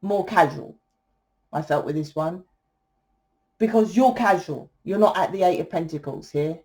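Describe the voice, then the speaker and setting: A woman's voice: lowish voice, normal speed, darkish tone. A woman giving a tarot reading in a fiery, blunt monologue, swearing freely and asking "right?" often. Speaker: tarot reader.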